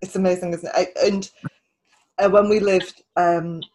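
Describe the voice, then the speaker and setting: A woman's voice: lowish voice, little pitch movement, moderate pace, darkish tone, a little hiss or hum, low-quality recording. A woman writer hosting a casual interview, talking in a chatty way with many restarts and repeated words. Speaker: podcast host and writer.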